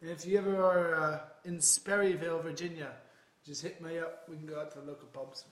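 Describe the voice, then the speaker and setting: A man's voice: a little high, steady tone, a little fast, echoey room, close to an everyday voice, poor audio. A man playing a rambling aging ex-rocker and ex-convict, hesitant and full of filler sounds. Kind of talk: improvised comedy interview.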